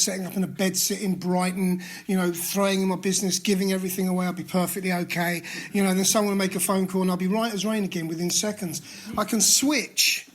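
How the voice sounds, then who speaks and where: A man in his sixties with a London accent, sharing his story at a recovery meeting in a candid, self-mocking way, with frequent restarts. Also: high voice. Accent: London English. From England. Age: 60s. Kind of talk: personal share at a recovery meeting. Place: meeting room.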